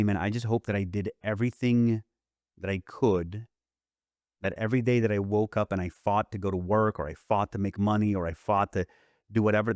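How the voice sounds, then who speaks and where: A man's voice: sits low, no room sound, clean studio sound. A middle-aged man hosting a podcast, talking in an earnest, reflective casual chat about hope and faith. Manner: earnest, reflective, quotes others in lively retellings. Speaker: podcast host.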